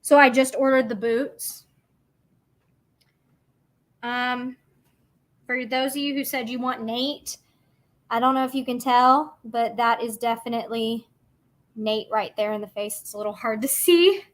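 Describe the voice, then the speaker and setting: A young woman talks through her craft livestream in a chatty, bubbly ramble full of fillers. Her voice sits a little high. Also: fairly even intonation, unhurried, long pauses. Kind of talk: casual livestream chat.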